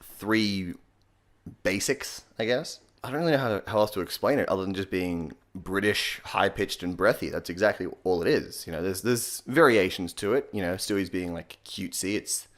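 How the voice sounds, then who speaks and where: A man with an Australian accent giving a joking voice tutorial in a deadpan, sarcastic way, swearing casually. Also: sits low, moderate pace. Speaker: comedy YouTuber.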